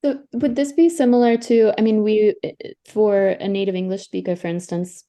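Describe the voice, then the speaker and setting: A woman's voice: medium pitch, steady tone, moderate pace, warm tone. A woman participating in a workshop, thinking aloud and checking her understanding as she asks questions.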